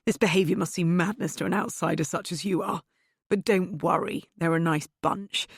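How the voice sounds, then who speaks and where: A woman voicing Archie, a courteous, genteel middle-aged aristocrat who speaks in a polite, measured, reassuring way. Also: on the low side, steady tone, vocal fry, breathy edge, no echo, clean studio sound.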